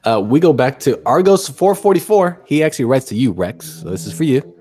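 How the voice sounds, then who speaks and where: A man's voice: mid-range voice, very animated, brisk, warm tone. A man hosting a casual podcast, reading chat messages with jokey mock-announcer asides.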